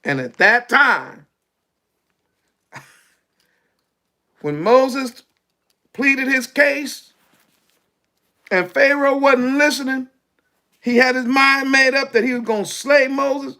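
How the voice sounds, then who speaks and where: A male preacher, telling a story in an animated sermon, laughing and shouting at peaks. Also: extremely high pitch, slow, pauses often.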